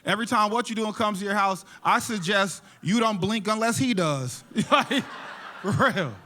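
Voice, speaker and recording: A male stand-up comedian with a high, bright voice tells casual, profane stories on a theater stage. He often laughs between punchlines, and his voice comes through a handheld stage mic. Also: animated, unhurried. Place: theater stage before a live audience.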